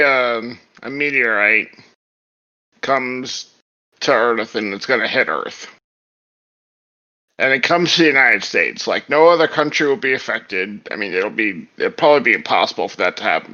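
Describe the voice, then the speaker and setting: A man's voice: medium pitch, sharp tone, highs cut off. A man co-hosting a podcast, musing tentatively over a hypothetical. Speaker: podcast co-host. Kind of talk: casual political chat.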